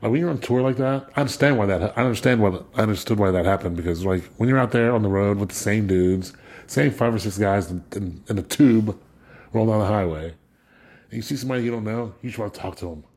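Brief: husky, lowish male guest, animated storyteller. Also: fast. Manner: animated anecdote teller, chuckles often. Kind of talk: casual storytelling chat.

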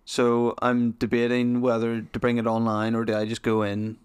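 A man's voice: mid-range voice, completely flat delivery, moderate pace, clean tone. A young man hosting a podcast who chats casually and rambles, restarting his sentences often. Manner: rambling, restarts a lot, chatty. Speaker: podcast host. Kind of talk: casual chat.

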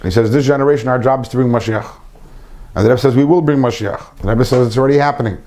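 Warm and quick, with a medium-pitched voice, this Torah class teacher leads an informal lesson for a small group. He repeats phrases earnestly and weaves Hebrew terms into his speech.

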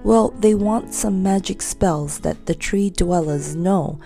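A woman's voice: lowish voice, slow, warm tone, soft background music. A woman voicing a small, kindly red squirrel in a storybook reading. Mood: worried.

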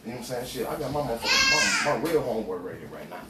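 Huge pitch swings mark this man's mid-range voice as he spins a long, rambling yarn in conversation. Street slang runs heavy, he performs the quotes, and fillers and restarts keep breaking his flow. The room is echoey, with noise in the background.

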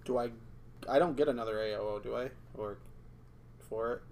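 A man's voice: mid-range voice, brisk, darkish tone. A man playing a tabletop game, hesitant and stumbling over his words. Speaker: player. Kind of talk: casual tabletop play.

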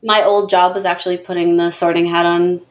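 A woman in casual chat among friends, telling stories with animation and breaking now and then into high put-on voices. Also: level tone, a little fast.

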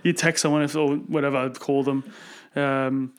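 A man's voice: medium pitch, little pitch movement, moderate pace, clear, resonant tone. A man co-hosting a podcast, chatting about films with enthusiasm and frequent laughter. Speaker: podcast co-host. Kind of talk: casual film chat.

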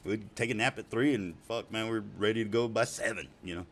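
A man's voice: on the low side, fairly even intonation, a little fast, a little hiss or hum. A middle-aged man telling casual, profane stories, rambling and laughing often. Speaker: storyteller. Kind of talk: casual spoken storytelling.

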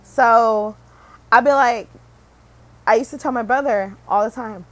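A woman's voice: fairly high pitch, measured pace, poor audio. A young woman from Michigan rambling casually to camera, full of fillers and self-corrections, swearing and laughing at herself. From Michigan, USA. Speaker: vlogger.

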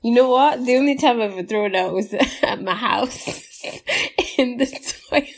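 A young woman, co-hosting a relaxed podcast chat. She talks slowly and teases the others. Her voice sits a touch higher than usual, and she laughs a lot. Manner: laid-back, teasing, laughs a lot. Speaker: podcast co-host. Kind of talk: casual chat.

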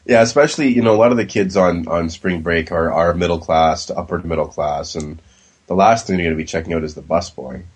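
A man with a very low voice talks casually as a podcast co-host. He is blunt and swears freely, with an exasperated edge as he tears into a film. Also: a little fast, husky, poor audio. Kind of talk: casual movie review chat.

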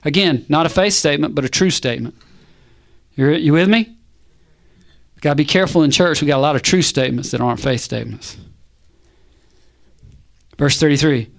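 Man preaching with animated fervor. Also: on the high side, fairly quick, long pauses. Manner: animated preaching, calls to the congregation, rhetorical questions. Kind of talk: sermon.

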